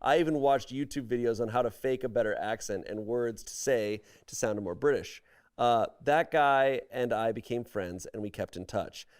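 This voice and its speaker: A man with a smooth, clear voice at an ordinary middle pitch hosts a relaxed comedy podcast. He reads online posts aloud and breaks off for wry, amused asides. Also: normal speed. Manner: wry, amused commentary between read passages. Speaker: podcast host reading online stories aloud. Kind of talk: casual comedic podcast chat and reading aloud.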